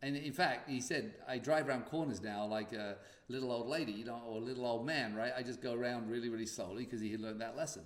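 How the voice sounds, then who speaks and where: A man's voice: mid-range voice, fast talker, few pauses, reverberant. A man hosting a podcast, telling a personal story in a casual way and acting out the dialogue. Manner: animated, acts out dialogue. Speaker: podcast host.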